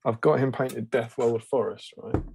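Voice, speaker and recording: A man's voice: medium pitch, fairly even intonation, normal speed, vocal fry, noisy background. A man co-hosting a live stream in casual chat, thinking aloud and asking his co-host for advice.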